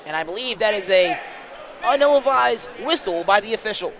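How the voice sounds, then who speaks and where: A man with a very high voice calls basketball play-by-play. He gets excitable and shouts as the plays unfold. A busy crowd hums behind him in the arena. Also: a little fast. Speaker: play-by-play commentator.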